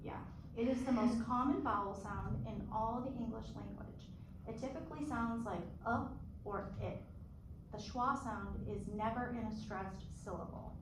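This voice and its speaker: Patient teacher woman in an echoey room. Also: fairly high pitch. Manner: patient, slow and clear, stretching out sounds. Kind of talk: one-on-one phonics lesson. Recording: echoey room, distant mic, background noise.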